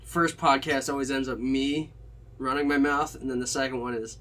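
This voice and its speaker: A young man hosting a casual podcast chat, telling lively stories and swearing freely. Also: mid-range voice, normal speed, slight background noise, rough recording. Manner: animated storyteller, swears a lot. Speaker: podcast host.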